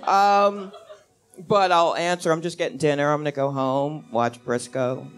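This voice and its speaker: A woman comedian telling a lively, jokey story and laughing at her own punchlines. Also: low voice, measured pace, faint music behind. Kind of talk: live comic storytelling.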